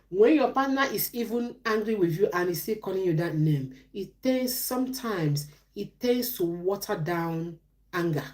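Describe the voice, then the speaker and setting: A woman's voice: mid-range voice, darkish tone. A middle-aged woman, giving relationship advice on a live stream in a preachy way, asking questions and answering them herself.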